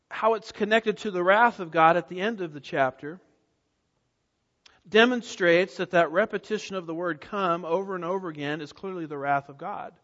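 A man's voice: high voice, a bit bright. A man preaching a verse-by-verse sermon, emphatic, with rhetorical questions and repeated key words. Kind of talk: expository sermon. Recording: dull audio with long hall reverb.

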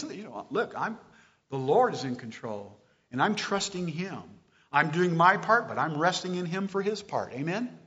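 Animated male preacher, lo-fi sound. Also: on the high side, normal speed. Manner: animated, questioning the congregation. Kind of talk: sermon. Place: church hall with live stream.

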